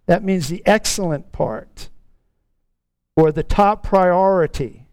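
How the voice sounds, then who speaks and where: High, smooth-voiced preacher man. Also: a little mellow. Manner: earnest, with slow stretched emphasis on key words. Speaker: pastor. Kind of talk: sermon.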